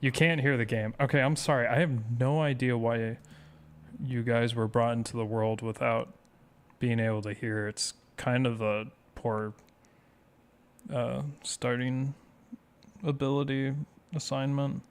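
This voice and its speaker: A man's voice: mid-range voice, steady tone, unhurried, pauses often, clean tone. A man speedrun streamer chatting casually with his viewers, rambling and self-deprecating as he reads chat aloud.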